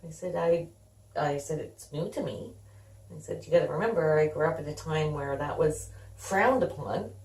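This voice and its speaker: A middle-aged mother appears as a guest, candidly recounting family stories in a low-pitched, darkish voice at a moderate pace. She is conversational and reenacts dialogue, sounding roomy and distant from the mic.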